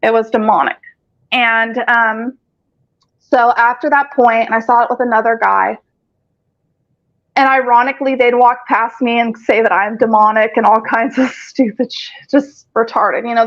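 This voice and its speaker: A woman with a fairly high voice rambles through a long account, swearing freely and stalling on fillers. She is heard over a dull, lo-fi video-call connection. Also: steady tone, normal speed. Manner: rambling, profane, frequent filler words. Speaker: caller telling her story. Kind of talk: casual chat on a group call. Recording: lo-fi call audio.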